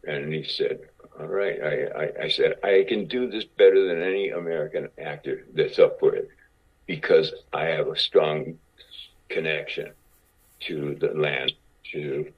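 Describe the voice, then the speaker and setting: A Cuban actor in his sixties, appearing as a guest in a casual interview, tells long stories and often restarts and repeats words. His voice is extremely low-pitched with a breathy edge. The podcast audio is dull and lo-fi.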